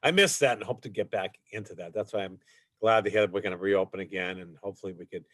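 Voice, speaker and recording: A chatty comedian guest with a low voice. He talks casually and jokes as he goes, recorded dry with no room sound. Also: fast, a bit bright, no room sound. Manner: chatty, joking. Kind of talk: casual interview chat.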